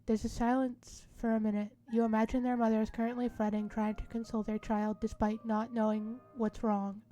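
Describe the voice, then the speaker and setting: A woman reading a visual novel's narration aloud in a hushed, dramatic way during a casual let's-play, with faint music behind her. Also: on the high side, little pitch movement, fairly quick.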